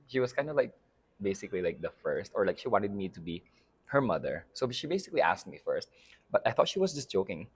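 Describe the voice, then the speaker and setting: The guest, a drag house mother from the Philippines, has a low, sing-song voice with a breathy edge and a quick pace. In this casual interview he giggles, leans on fillers, and often leaves thoughts hanging.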